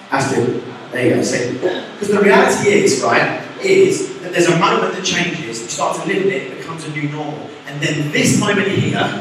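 Chatty preacher in an echoey hall. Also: male voice, on the high side, recorded from a distance, noisy background. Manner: chatty, animated, acts out quotes. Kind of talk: casual youth sermon. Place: church hall.

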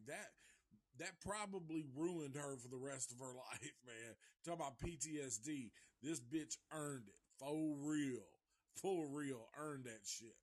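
A man casually recapping a movie live, rambling and profane, and chuckling often as he goes. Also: medium pitch. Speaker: movie reviewer.

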